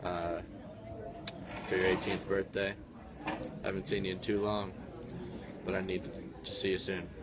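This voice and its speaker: A young man sends birthday wishes in a laid-back way. His voice is very deep and flat, the sound is muffled, and noise sits clearly behind him. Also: measured pace, pauses often.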